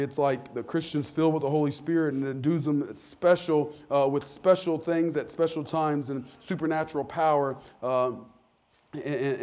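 A man preaching a casual, candid sermon to his church, with frequent restarts and lively asides. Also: a little high. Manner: candid, self-deprecating, animated with many restarts. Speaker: pastor. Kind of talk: conversational sermon. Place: church sanctuary.

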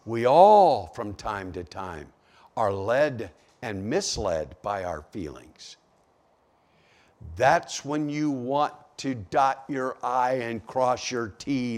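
A man preaching a sermon, swinging from hushed asides to shouted cries as he acts out the psalmist. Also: mid-range voice.

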